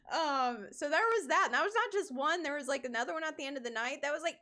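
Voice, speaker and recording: A woman's voice: high-pitched, expressive, quick pace, hardly any pauses, sharp tone. A woman cosplayer chatting casually on her stream, rambling, with many fillers and restarts.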